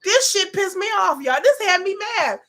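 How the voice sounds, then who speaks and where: A woman's voice: very high-pitched, animated, normal speed, a bit bright. A woman giving casual, profane reaction commentary on a reality show, bluntly mocking the people on screen. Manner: blunt, profane, mocking impressions of cast members.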